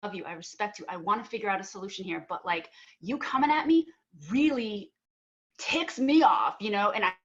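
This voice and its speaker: A woman's voice: medium pitch, expressive, brisk, muffled recording. A young adult woman on a panel, earnestly telling a personal story and acting out both sides of an argument, with filler words and restarts. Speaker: panel speaker.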